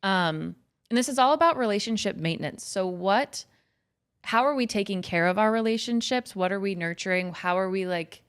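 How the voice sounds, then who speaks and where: A woman's voice: mid-range voice, moderate pace, clean tone. A woman co-hosting a podcast, introducing the topic and guest in an enthusiastic, gushing way. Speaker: podcast co-host. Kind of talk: casual podcast chat.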